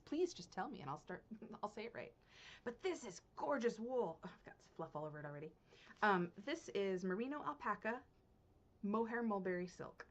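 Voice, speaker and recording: Knitting vlogger, woman, mid pitch, gushy and excitable, slightly muffled recording. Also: brisk. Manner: gushing, excitable, laughs often, swings from hushed to loud. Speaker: knitting podcast host. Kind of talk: casual unboxing chat to viewers.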